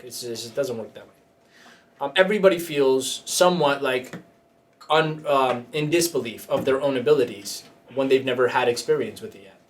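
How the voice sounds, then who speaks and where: A man's voice: mid-range voice, far from the mic. A man hosting a coaching podcast, talking in casual banter, joking and laughing often and slipping into mock voices while he gives advice.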